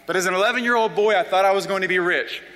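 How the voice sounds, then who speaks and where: A young man from South Carolina, telling his life story as an animated, self-deprecating testimony. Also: sits high, rapid-fire. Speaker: speaker giving a personal testimony. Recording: long reverb of a large hall.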